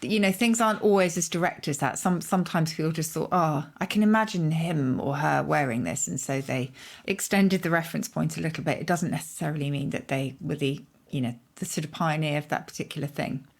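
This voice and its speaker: A woman, co-hosting a podcast about words and explaining word origins in a thoughtful, measured way. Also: deep voice, darkish tone. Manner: thoughtful, explaining, with hedges like "if you like". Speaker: podcast co-host, word expert. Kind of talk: casual explanatory conversation.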